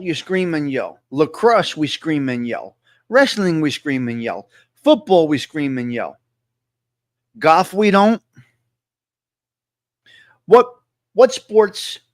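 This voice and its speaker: A man's voice: on the high side, no echo, studio quality. A man hosting a casual live-stream chat, talking to viewers and repeating his points with emphasis. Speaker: host.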